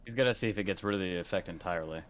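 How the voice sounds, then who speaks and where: A man's voice: low-pitched, rapid-fire, slight background noise. A man playing a tabletop game over voice chat, chatting casually and apologizing freely. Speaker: player.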